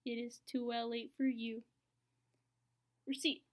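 A woman from Texas in a casual podcast chat, playful and unsure, spelling words out slowly. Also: a little high, level tone. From Texas, USA. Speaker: podcast co-host spelling in the bee.

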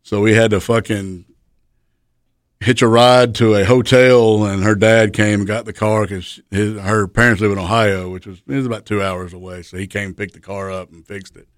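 A man's voice: on the low side, little pitch movement, normal speed, no echo, clean studio sound. A man, a wrestler telling profane road stories on a podcast and laughing as he goes. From Chattanooga area, Tennessee. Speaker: professional wrestler guest. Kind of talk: casual podcast storytelling.

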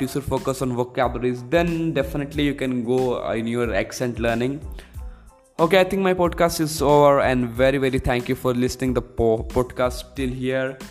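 Man hosting a podcast, saying "okay" constantly. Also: mid-range voice. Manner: repetitive, tags sentences with "okay"; hesitant, many fillers and restarts. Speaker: podcast host. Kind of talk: casual advice monologue.

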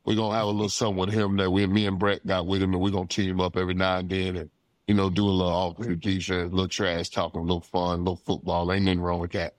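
Casual: middle-aged guy from florida telling stories loud and lively, acts out the back-and-forth, laughs a lot, dry close sound. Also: low-pitched, rapid-fire, no echo. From Florida, USA. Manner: animated, acts out dialogue, laughs often. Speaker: interview guest, retired football player. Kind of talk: casual storytelling.

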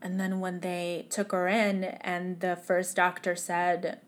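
A woman's voice: fairly low pitch, monotone. Tearful young woman telling a painful story. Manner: tearful, halting, drops to a whisper at times. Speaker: podcast guest. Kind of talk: emotional personal storytelling.

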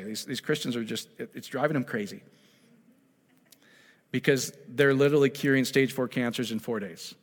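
A man preaches a sermon at medium pitch, emphatic and full of rhetorical questions, shifting between loud exhortation and quiet, intimate asides. A long hall reverb fills the recording.

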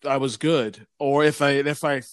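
Podcast dude, smooth clear voice, kinda rambly with lots of uhs, dry close mic. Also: male voice, medium pitch, fairly even intonation, normal speed, dry recording. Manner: rambling, hesitant, many fillers. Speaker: podcast co-host. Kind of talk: casual chat.

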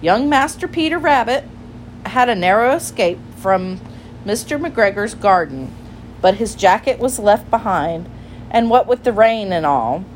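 A woman's voice: mid-range voice, expressive, a little slow, a little hiss or hum, natural voice. A woman reading a storybook aloud and voicing a fussy little female hedgehog washerwoman with a bustling, polite manner.

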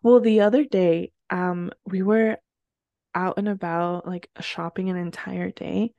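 A woman co-hosting a casual podcast chat, talking quickly and expressively and laughing often. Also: fairly low pitch, no room sound. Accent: slight Latina accent at times. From Latina, grew up bilingual in Spanish and English. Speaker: podcast co-host.

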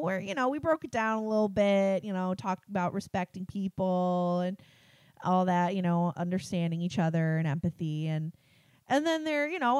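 A woman's voice: medium pitch, darkish tone, dry recording. A woman guest on a podcast, chatting casually and telling a story, laughing often. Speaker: podcast guest, hospital teacher.

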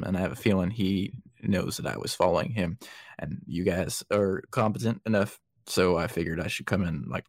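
A man voicing a weary, disheveled man in a half-attempted southern accent, talking in a rambling, halting way. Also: low voice, dry recording.

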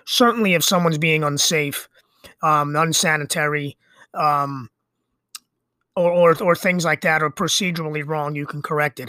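Bright-voiced man rambling casually. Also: on the high side, steady tone, normal speed, dry recording, studio quality. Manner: rambling, conversational, many fillers and restarts. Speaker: podcast host. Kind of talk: casual monologue.

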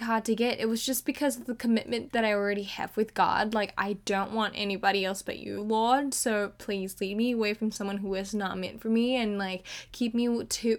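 A woman in her twenties talking candidly in a casual vlog, chatty and emotional, with lots of fillers. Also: medium pitch. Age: 20s. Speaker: vlogger.

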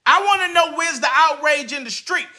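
A man, a radio host delivering an indignant, repetitive commentary rant and often shouting. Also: very high-pitched, animated, normal speed.

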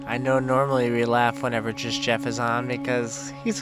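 A man's voice: mid-range voice, little pitch movement, moderate pace. A man hosting a breathing and laughter session, giving exercise instructions in an exaggerated coaching manner. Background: music.

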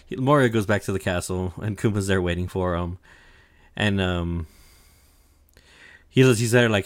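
A man's voice: deep voice, normal speed. A young man co-hosting a podcast, casually retelling an anime arc with lots of fillers, swearing and quoted lines. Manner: rambling, profane, filler-heavy retelling with quoted voices. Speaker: podcast co-host recapping anime. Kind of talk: casual chat.

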